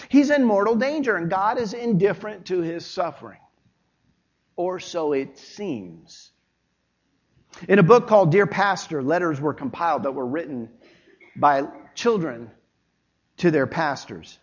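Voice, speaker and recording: A pastor preaching a sermon with emphatic delivery, rising loud then dropping low. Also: male voice, expressive, measured pace, long pauses. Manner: emphatic preaching, swinging between loud and quiet. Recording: dull lo-fi sermon recording.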